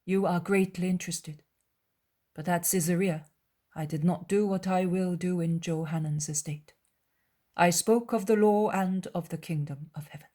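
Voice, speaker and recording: A woman voicing a calm, wise male teacher who speaks in a measured, gentle and earnest way in a dramatized audiobook. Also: fairly low pitch, close to an everyday voice.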